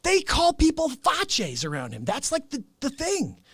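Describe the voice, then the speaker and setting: A man hosting his show with an improvised, rambling comic rant, mock-indignant and animated. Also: very high voice, moderate pace, no echo, clean studio sound. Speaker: host.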